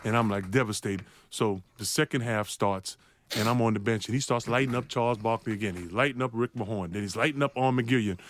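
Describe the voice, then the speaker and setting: A middle-aged man, a former pro basketball player, telling an animated, self-mocking anecdote. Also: fairly low pitch, quick pace, background noise. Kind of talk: anecdote storytelling.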